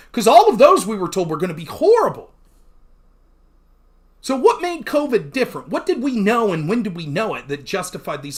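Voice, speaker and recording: A man's voice: high-pitched, fairly bright tone. Blunt, profane man ranting on a livestream. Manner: thanks chat viewers mid-rant. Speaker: livestream host. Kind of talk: casual livestream commentary.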